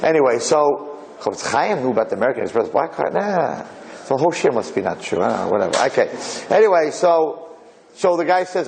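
A man tells an old parable casually, wandering off on tangents and slipping into the characters' voices as he goes. His voice sits at an ordinary middle pitch. A faint background hiss runs under the recording. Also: very animated, fairly quick, creaky, darkish tone, low-quality recording. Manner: rambling, digressive, acts out characters. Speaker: storyteller.

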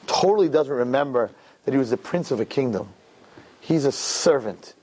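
A man telling a parable in a conversational, animated way, often checking in with "right?". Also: medium pitch, normal speed, husky. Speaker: storyteller. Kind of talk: animated storytelling talk.

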